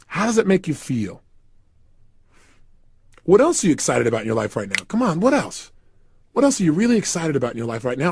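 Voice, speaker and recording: Guy coaching you thru questions, swoopy lively voice, dry close sound, pushy and emphatic. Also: fairly high pitch, gravelly, slightly rough, no echo. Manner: emphatic, fires repeated questions at the listener. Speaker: motivational speaker. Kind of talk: guided motivational talk.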